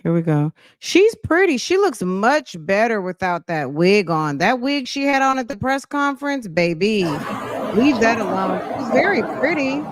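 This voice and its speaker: A woman's voice: a little high, sing-song, moderate pace, few pauses, a faint crowd. A woman giving sassy, teasing commentary as she reacts to a video.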